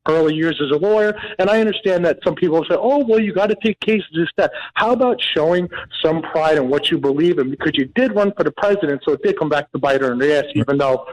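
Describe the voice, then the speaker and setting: Male caller, earnest and halting, voice a bit high, heard over a phone line. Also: animated. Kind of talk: phone call to a radio show.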